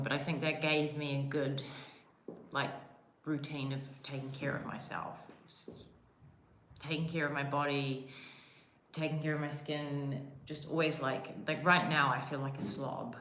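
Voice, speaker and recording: A young woman with a New Zealand accent chats casually on a live stream from a rented villa room indoors, rambling, putting herself down, and saying "like" a lot. Her voice is low, pushed, and bright, and the room sounds echoey.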